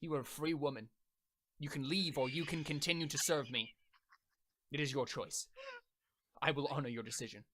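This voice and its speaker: A man's voice: a little high, normal speed, pauses often, background noise, close to an everyday voice. A man playing a grateful, formal male master who speaks earnestly as he frees his servant in a tabletop role-playing game. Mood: solemn.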